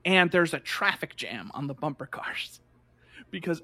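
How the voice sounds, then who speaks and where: A man telling a lively story in casual chat, full of "like" and acted-out voices. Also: on the high side, unhurried, no room sound. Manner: animated, fillers of "like", acts out voices.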